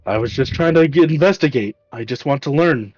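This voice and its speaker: A man's voice: mid-range voice, lively intonation, fairly quick, a little mellow, no echo, dull audio, natural voice. A man voicing an earnest young paladin. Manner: earnest, remorseful.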